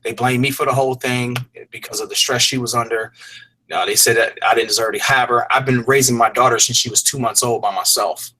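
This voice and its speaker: Bright-voiced man telling a personal story. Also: medium pitch, fairly even intonation, fairly quick, rough recording. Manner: earnest, rambling, frequent fillers and restarts; casual slang. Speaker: fitness program creator, interview guest.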